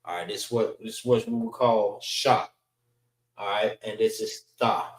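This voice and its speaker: A man, teaching a class letter by letter in a slow, patient way, repeating each sound and saying "all right" between letters. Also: fairly low pitch, reverberant.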